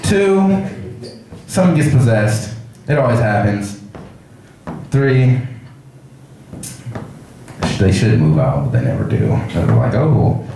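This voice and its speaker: A man's voice: medium pitch, slow pace, vocal fry, long pauses. A young man at an open mic doing stand-up, telling a rambling story and acting out the people in it. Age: young adult. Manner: rambling, animated, acts out characters. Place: cafe open mic night. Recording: echoey cafe with crowd noise.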